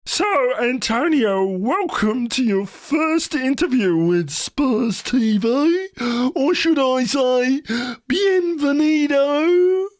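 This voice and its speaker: A woman voicing a bumbling TV interviewer in a comedy sketch, with overly sweet, drawn-out greetings. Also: high-pitched, animated, darkish tone, dry recording, studio quality. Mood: sugary.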